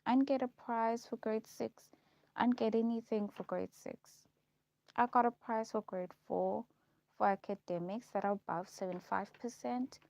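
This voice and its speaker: Woman recounting school memories, gravelly. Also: a little high, fairly even intonation, moderate pace, a little mellow, no echo. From South Africa. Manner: repetitive, listing recollections with frequent ums. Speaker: vlogger. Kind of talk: personal storytelling. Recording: dull lo-fi recording.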